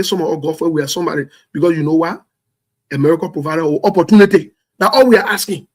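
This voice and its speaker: Speaking from home in the United States, a show host from Liberia delivers blunt, emphatic political commentary full of passion. He repeats phrases to drive points home, in a voice that sits high and sounds slightly mellow.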